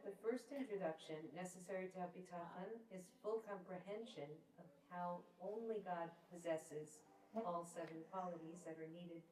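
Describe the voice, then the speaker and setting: A woman reads a passage aloud in class, slowly and carefully. Her voice is low and mellow, caught from a distance in a roomy classroom with plenty of echo. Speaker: student reading aloud. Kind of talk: reading a text aloud in class.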